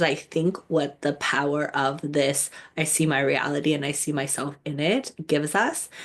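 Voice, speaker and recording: A woman speaking gently and reflectively, with many fillers and restarts. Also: deep voice. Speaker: wellness speaker. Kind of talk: casual reflective talk.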